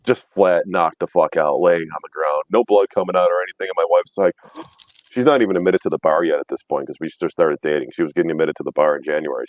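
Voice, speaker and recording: A man's voice: deep voice, quick pace, dry recording, phone-quality sound. A man in his thirties telling rambling, profane stories in casual chat, laughing often. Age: 30s. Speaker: podcast host.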